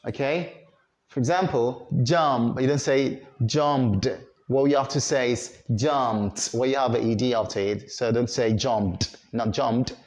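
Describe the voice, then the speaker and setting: A man's voice: medium pitch, moderate pace, darkish tone. A man teaching English pronunciation, repeating sounds and words for learners to echo, with frequent fillers and self-corrections. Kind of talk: pronunciation lesson.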